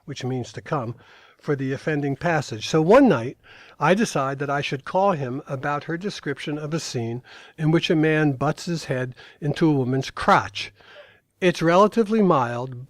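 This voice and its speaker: An older man reads passages from his own memoir to an audience. His voice sits a little high, and his delivery is dry and matter-of-fact. The sound is close and dry, with no room echo. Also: moderate pace. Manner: dry storytelling, brief asides to the audience. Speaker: author reading from his memoir. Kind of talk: reading aloud at a live talk.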